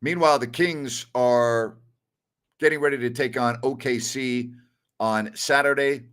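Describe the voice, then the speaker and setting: A man's voice: mid-range voice, a little slow, a bit bright, smooth. A middle-aged man hosting a sports talk show, blunt and opinionated, telling stories with a laugh. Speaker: sports radio host.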